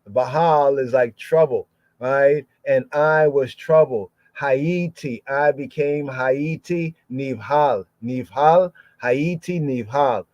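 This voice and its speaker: A man's voice: mid-range voice, slow, a little mellow, dry recording. A man teaching scripture verse by verse, sounding out each word and repeating phrases many times. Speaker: Bible teacher. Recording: dull lo-fi podcast audio.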